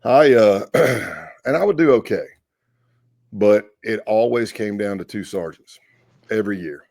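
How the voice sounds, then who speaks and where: A man telling stories in a casual podcast interview, animated, acting out quotes and laughing often. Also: on the low side, measured pace, dry recording, studio quality. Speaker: guest, former FBI agent.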